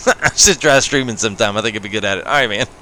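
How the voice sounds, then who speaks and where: Speaking in a voice on the low side, this gaming livestreamer has lively intonation, a quick pace and a pushed, bright sound. He streams a farming game late at night, chatting casually with viewers. His manner is laid-back, with frequent laughter and "man" added after many phrases.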